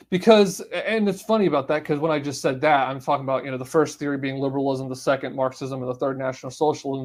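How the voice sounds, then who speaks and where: Emphatic male podcast host, higher voice. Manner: emphatic, declaring positions point by point. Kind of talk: solo commentary.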